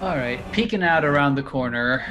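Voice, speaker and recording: A man's voice: fairly high pitch, lively intonation, moderate pace, sharp tone, faint music behind. A man playing a tabletop game, talkative, thinking aloud about his turn with mild exclamations. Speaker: player.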